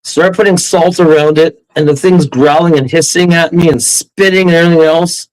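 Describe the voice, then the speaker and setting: A man telling a ghost story as a podcast guest, animated, laughing often and acting out quotes. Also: fairly high pitch, normal speed, poor audio. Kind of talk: casual storytelling.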